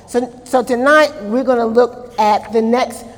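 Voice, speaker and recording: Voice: mid-range voice, steady tone, measured pace, long reverb tail. A Bible study teacher leading a church class, asking the group questions, answering them, and adding frequent amens.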